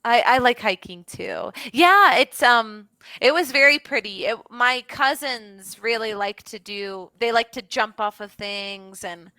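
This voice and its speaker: Bright chatty young woman tutor. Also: a little high, expressive, measured pace, hardly any pauses, no echo. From Florida. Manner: chatty, many fillers and restarts. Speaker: English tutor. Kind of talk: casual online lesson chat. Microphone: video call.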